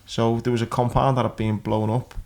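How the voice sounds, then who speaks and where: A male podcast host with a level, flat delivery who lays out events plainly for the audience. His pitch stays in the middle, and his tone holds steady throughout. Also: brisk. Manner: explains plainly for listeners. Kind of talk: casual chat.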